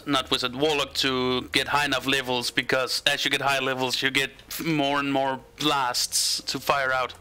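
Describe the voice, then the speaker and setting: A man acting as game master and streamer, chatting casually and haltingly, with many fillers. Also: mid-range voice, flat delivery, bright, forceful tone, smooth. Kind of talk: casual chat between game sessions.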